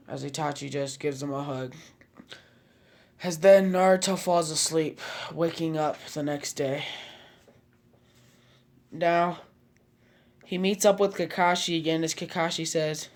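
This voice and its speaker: A man's voice: a little high, steady tone, a little slow, pauses often. A man casually narrating a fan fiction story, rambling with offhand asides.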